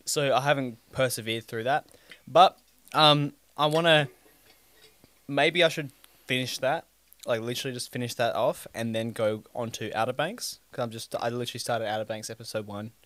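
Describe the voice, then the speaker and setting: A man's voice: medium pitch, moderate pace, a bit bright. A man, co-hosting a casual podcast chat and rambling with restarts. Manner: rambling, frequent restarts and fillers. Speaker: podcast co-host.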